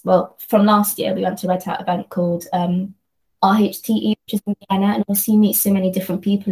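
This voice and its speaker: Earnest woman, flat even voice. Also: medium pitch, low-quality recording. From London, England. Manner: earnest, thinking aloud with frequent restarts. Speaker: guest, company associate. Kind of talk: reflective conversational discussion.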